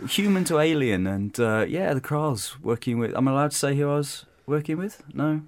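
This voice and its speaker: A man's voice: on the high side, lively intonation, a little fast, dry recording. An English man, a guest actor, chatting modestly and rambling with restarts. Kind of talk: casual chat.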